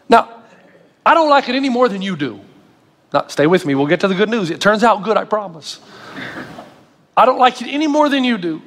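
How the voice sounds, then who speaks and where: A middle-aged male pastor delivering a sermon with animated storytelling and self-mocking humor. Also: sits high, brisk, pauses often, big-room sound.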